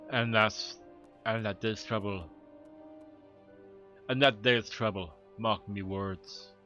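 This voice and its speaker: A man's voice: on the low side, pushed and bright, muffled recording. A man voicing a suspicious, gossipy country villager in a game, with folksy dialect phrasing.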